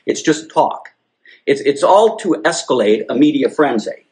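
Male podcast co-host, lively pitch, emphatic political chat, repeats his points. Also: unhurried. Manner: emphatic, repetitive, animated.

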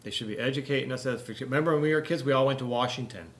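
A man's voice: mid-range voice, rapid-fire. A middle-aged man co-hosting a political opinion podcast, earnest and nostalgic, often agreeing. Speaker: podcast co-host.

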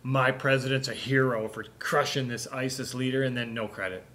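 A man's voice: mid-range voice, steady tone, moderate pace, bright, forceful tone. Earnest middle-aged guy on a political podcast, mostly agreeing, looks back on the old days. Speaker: podcast co-host. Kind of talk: political opinion chat.

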